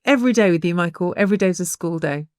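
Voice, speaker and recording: Female co-host, casual science chat, easy laughs, low voice. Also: racing, no echo, studio quality. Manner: warm, laughs easily, thinks aloud with restarts.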